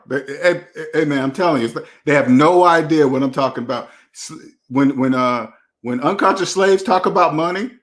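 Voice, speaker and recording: With a fairly bright tone and a rather high voice, this man runs a finance channel and talks straight to the viewer in a laid-back monologue. His style is blunt and slangy, preachy too, and he keeps hammering the same lines to make his case.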